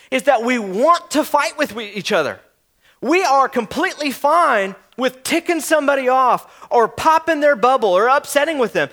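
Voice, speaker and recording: A man's voice: very high-pitched, bright, forceful tone. A young man preaching a sermon in an earnest, conversational way, often restarting his sentences. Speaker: pastor.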